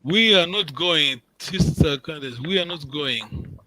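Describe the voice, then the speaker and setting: A man's voice: on the high side, expressive, a little slow, sharp tone, poor audio. A man teaching an online language class, patient and encouraging, repeating words and checking in with his students.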